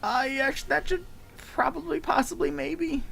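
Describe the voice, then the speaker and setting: A man's voice: very high voice, steady tone, unhurried, gravelly, pushed and bright, pitched above the performer's own voice, exaggerated voice. A man voicing a fussy, boastful little male kobold who piles up words in eager, grand runs. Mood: self-satisfied.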